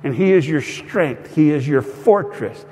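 A man's voice: on the high side, expressive, a little slow, a little mellow. A man in his fifties preaching a sermon in a church, telling homespun stories and leading the congregation in call-and-response. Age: 50s. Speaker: pastor. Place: church sanctuary. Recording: long reverb of a large hall.

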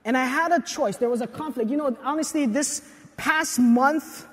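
A young adult man preaching a sermon in a casual, confessional way, with animated asides and personal stories. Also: very high-pitched, normal speed. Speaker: pastor. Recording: long hall reverb.

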